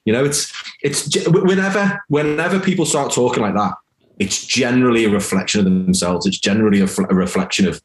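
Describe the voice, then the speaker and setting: A man's voice: mid-range voice, fast. A man, a guest on a casual podcast, blunt and emphatic, swearing and voicing what others think.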